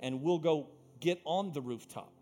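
A male pastor preaching a sermon, swinging between quiet asides and loud emphatic peaks, with playful self-teasing humor. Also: a little high, normal speed, soft background music.

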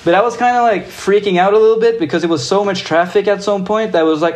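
Young man from Norway, slightly high voice, excited casual storytelling, lots of swearing. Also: fast. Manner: excited, swears freely, many fillers. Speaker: guest skateboarder.

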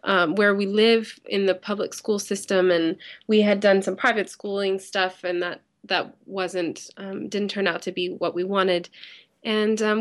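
A woman in her thirties or forties, a guest on a podcast, chatting casually over a video call with lots of ums. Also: mid-range voice. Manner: hesitant with many ums, laughs often. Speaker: interview guest. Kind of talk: casual interview chat.

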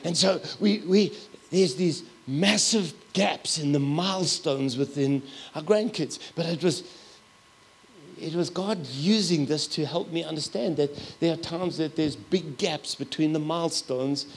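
A middle-aged man preaching a sermon as a pastor, telling stories with loud, animated asides. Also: on the high side, a little slow, creaky, slight background noise.

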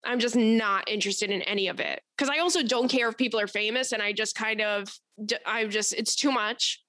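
A young woman hosts a podcast in a loose, chatty style, telling stories bluntly with plenty of swearing. Her voice sits a little high and has a bright, forceful edge. The recording is dry and close, with almost no room sound. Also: brisk, no room sound. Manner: blunt, profane and animated. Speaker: podcast host. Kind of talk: casual storytelling chat.

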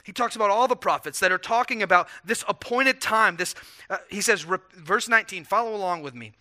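A man preaching a sermon in a strikingly bright, tense voice that sits a little high for a man. He talks to the congregation earnestly and conversationally, pausing on rhetorical questions and doubling words as he restarts a thought. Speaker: pastor.

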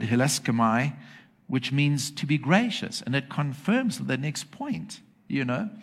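Male preacher, mid pitch, emphatic, checks in with the congregation. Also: a bit bright. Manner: emphatic, asks the congregation for agreement. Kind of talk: sermon. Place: church with congregation.

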